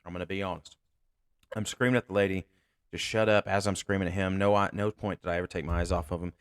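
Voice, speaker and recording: A sheriff's deputy hosting a podcast, telling a tense story in a blunt, candid, profane way. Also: male voice, low-pitched, steady tone, quick pace, smooth, no room sound, clean studio sound. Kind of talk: casual storytelling.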